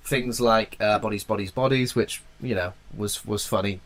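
A man's voice: fairly low pitch, steady tone, normal speed, a bit bright. A man from England with a cold, co-hosting a podcast in a chatty, joking way and sometimes hunting for words. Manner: chatty, jokey, loose with wording. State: has a cold. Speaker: podcast co-host. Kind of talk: casual podcast chat.

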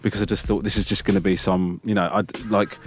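A man's voice: deep voice, fast. Chill guy cohosting a chat show, swears a lot, faint music in the back. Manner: relaxed, swears, laughs at his own stories. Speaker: podcast co-host. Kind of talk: casual chat.

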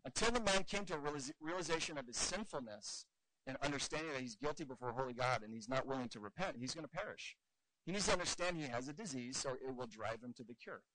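A man teaching evangelism in an earnest, animated way, telling stories and acting out the dialogue. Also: medium pitch, a little hiss or hum, rough recording. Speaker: evangelism trainer.

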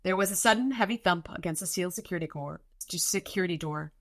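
A woman podcast co-host reading a novel aloud in a lively, animated way. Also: fairly low pitch, fast.

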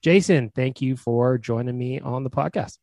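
A man's voice: mid-range voice, moderate pace, gravelly, a little mellow, no room sound, studio quality. A young Canadian man hosting a sports podcast, talking bluntly and swearing freely between ad reads. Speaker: podcast host.

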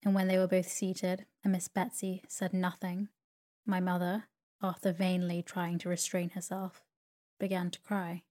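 A woman narrating a classic novel as a sleep story in a calm, even manner. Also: fairly low pitch, measured pace.

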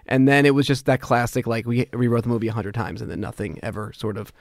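A male comedian guest telling a story in casual chat, animated and peppered with filler words. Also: quick pace, gravelly, no room sound, clean studio sound. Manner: animated, peppered with "like", acts out quotes in higher voices.

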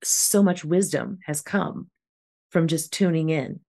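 A woman with a low, gravelly voice, co-hosting a casual spiritual podcast chat. She talks earnestly and rambles, with plenty of "like" and "um". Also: slow pace, mellow. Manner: earnest, rambling, many fillers. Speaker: podcast co-host.

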